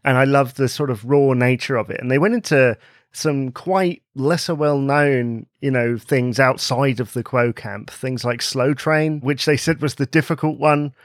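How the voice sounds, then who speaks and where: An upbeat male podcast host keeps the chat moving quickly and sounds keen. His voice is mid-pitched for a man. The recording is dry and close. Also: dry recording. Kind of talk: casual chat and interviewing.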